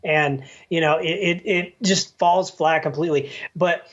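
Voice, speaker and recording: A man's voice: a little high, fairly even intonation, unhurried, dull audio. A man co-hosting a podcast, chatting casually about movies with frequent restarts and filler words. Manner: rambling, many restarts and "like"s. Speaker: podcast co-host. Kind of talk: casual movie review chat.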